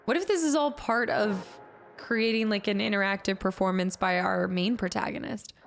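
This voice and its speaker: A woman's voice: mid-range voice, normal speed, creaky, faint music behind. A woman streaming a horror game live, chatting with viewers and reading on-screen text aloud as she plays.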